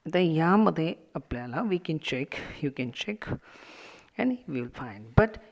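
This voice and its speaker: Low gravelly woman teaching poetic metre. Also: lively intonation, quick pace, a little mellow, dull audio. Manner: explains step by step, repeating "see". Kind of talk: classroom lecture on poetic metre.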